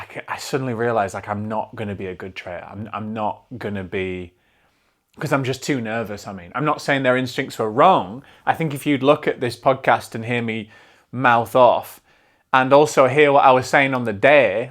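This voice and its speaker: A man hosting a solo film podcast, talking in an energetic, rambling way and swearing freely. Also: mid-range voice, normal speed. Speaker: podcast host.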